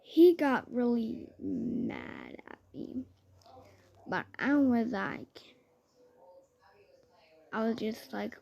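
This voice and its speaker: A woman's voice: on the high side, big pitch swings, extremely slow, gravelly, long pauses, mellow. A woman telling a rambling personal story in a chatty way, with fillers and restarts.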